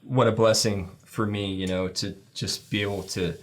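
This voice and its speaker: Middle-aged male guest, low-ish voice, rambling heartfelt storyteller. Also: steady tone, normal speed, slight background noise. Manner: rambling, heartfelt, acts out quoted lines in a higher voice. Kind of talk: storytelling in a church talk show.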